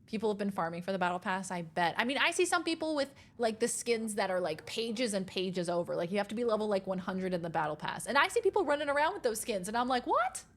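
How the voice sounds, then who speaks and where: A young adult woman streaming a game, chatting casually with her chat, excitable and easily rattled. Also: mid-range voice, fast, few pauses.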